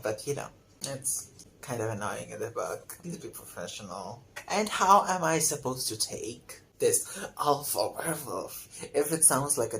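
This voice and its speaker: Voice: mid-range voice, a little hiss or hum, poor audio. A young adult reviewing a book in a casual vlog, ranting in an exasperated, sarcastic way and swearing freely.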